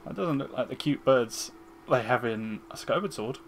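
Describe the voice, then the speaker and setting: A man's voice: mid-range voice, animated, normal speed. A man chatting loosely over his game stream, teasing the characters and laughing at his own mistakes. His voice rises and falls freely as he talks. A faint hum of noise sits beneath his voice. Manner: joking, self-deprecating. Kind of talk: casual game commentary.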